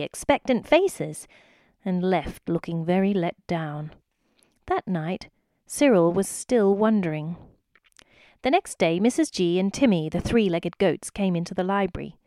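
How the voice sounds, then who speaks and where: Brief: woman storyteller, mid pitch, animated reading for kids, dry close sound. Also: dry recording. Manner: expressive, addressing the listener.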